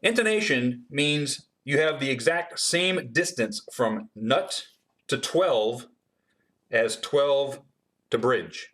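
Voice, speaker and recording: A man hosts a casual livestream Q&A while he demonstrates how he builds guitars. He reads questions from the chat aloud and answers them in a chatty way, filling his speech with ums. His voice sits at an average pitch. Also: lively intonation, slow pace, a bit bright.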